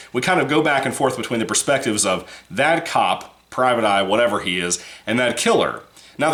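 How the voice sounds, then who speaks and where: A man's voice: lowish voice, a bit bright. A man giving a casual, rambling movie review, swearing freely and laughing between points. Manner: rambling, profane, laughs often.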